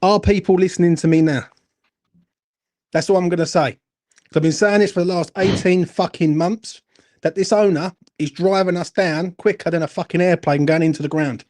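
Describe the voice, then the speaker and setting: Angry fan-channel host, high voice, swears nonstop, ranting. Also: male voice, fairly even intonation, moderate pace, a little mellow. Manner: angry, sweary, repeats "do you know what I'm saying". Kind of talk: heated football fan rant.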